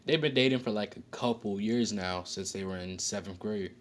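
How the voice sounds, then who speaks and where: A man's voice: on the low side, normal speed. A man casually telling an improvised story, rambling with slang, fillers and frequent self-corrections.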